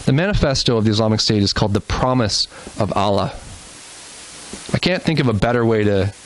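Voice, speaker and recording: A man's voice: lowish voice, expressive, a little fast, a little hiss or hum, low-quality recording. A man giving an earnest presentation in a church, explaining with asides and restarts. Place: church hall.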